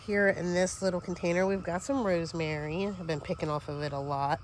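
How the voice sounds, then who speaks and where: A woman's voice: fairly low pitch, fairly even intonation, a little fast, slight background noise. A woman giving a casual tour of her vegetable garden outdoors, chatty and easily distracted, sniffling a little as she talks.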